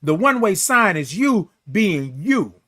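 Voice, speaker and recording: A man's voice: high-pitched, big pitch swings, unhurried, a bit bright. A middle-aged man hosting a morning live show, giving an emphatic, preachy pep talk that repeats key phrases and reads viewer comments.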